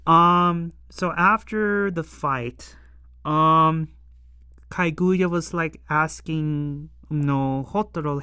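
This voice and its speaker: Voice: medium pitch, slow pace, fairly bright tone, dry recording, studio quality. A show reviewer recapping an episode in casual, rambling talk full of fillers and exasperated asides. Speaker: anime and tokusatsu episode reviewer.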